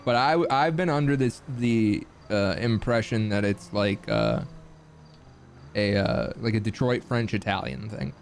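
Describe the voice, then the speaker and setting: A young man from the Midwest US chatting casually with his stream chat, swearing freely and making lively asides. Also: on the low side, measured pace, gravelly, faint music behind.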